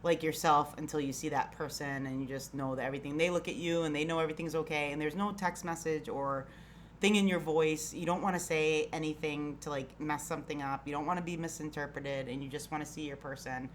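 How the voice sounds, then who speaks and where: A young woman co-hosting a casual podcast chat, talking in quick bursts full of "like" fillers and acted-out quotes. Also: deep voice, a little hiss or hum. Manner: chatty, frequent "like" fillers, bursts of animated quoting. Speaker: podcast co-host.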